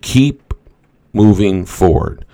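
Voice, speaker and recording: Deep gravelly man giving a pep talk. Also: sing-song, takes it slowly, mellow, no room sound. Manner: rambling, loose, full of "you know" asides. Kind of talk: motivational storytelling monologue.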